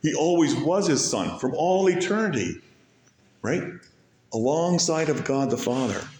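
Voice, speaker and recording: An animated pastor preaches in an echoey room, his sermon rising to loud peaks and sinking to soft, low moments, with key phrases stretched out slowly. A little hiss or hum sits in the background.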